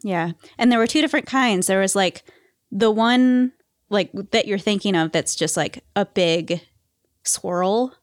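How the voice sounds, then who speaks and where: A woman's voice: medium pitch, measured pace, dry recording, clean studio sound. A young woman co-hosting a podcast, chatting casually with frequent laughs and filler words. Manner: giggly, rambling with many fillers. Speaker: podcast co-host. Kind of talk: casual chat.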